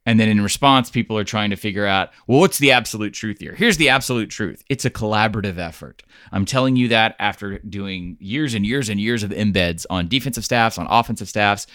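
A man's voice: on the low side, a bit bright, no echo, clean studio sound. A man co-hosting a casual sports talk show, blunt and opinionated, swearing freely as he argues his point. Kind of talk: casual sports podcast debate.

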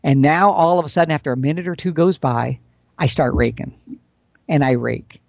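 Gravelly and a little high, this middle-aged expert guest's voice moves at a normal speed in a dull, dry recording. He walks through hunting methods casually, folksy and lively, demonstrating with expressive swings.

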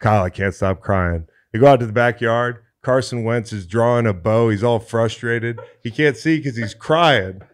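A man co-hosting a laid-back sports podcast in a middle pitch. He tells a comic story with plenty of swearing and slips briefly into quick impressions of the people in it. His delivery is loose and animated. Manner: profane, animated storyteller doing quick character voices. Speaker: podcast co-host. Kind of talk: comedic storytelling, casual chat.

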